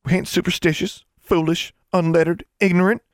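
A man's voice: medium pitch, steady tone, fast, dry recording, studio quality, voice pushed up, natural voice. A man voicing a proud young country girl with an Ozark accent, huffy and clipped in an audiobook. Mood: indignant. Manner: huffy, clipped folksy speech. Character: proud rural Ozark girl, quick to bristle. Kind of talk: audiobook character voice.

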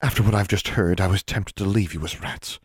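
A man voicing a cold, stern female school dean who speaks in quiet, menacing, clipped commands. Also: low-pitched, fairly even intonation, brisk, breathy edge, no room sound, clean studio sound.

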